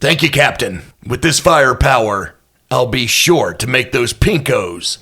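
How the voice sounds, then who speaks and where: A man's voice: mid-range voice, lively intonation, a little slow, bright, forceful tone, full character voice. A man voicing a showy male stage magician and action hero with theatrical showman patter. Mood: boastful.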